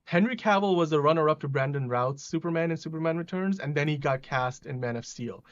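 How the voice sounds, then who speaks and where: A man's voice: a little high, fairly quick, muffled recording. A man hosting a casual pop-culture podcast, talking in a rambling way with lots of fillers over a remote call. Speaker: podcast host.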